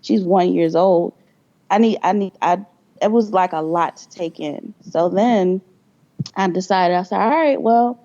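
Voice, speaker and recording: A woman's voice: lowish voice, measured pace, warm tone, lo-fi sound. A young adult woman, a podcast guest, telling her story candidly with blunt profanity and acted-out quoted dialogue.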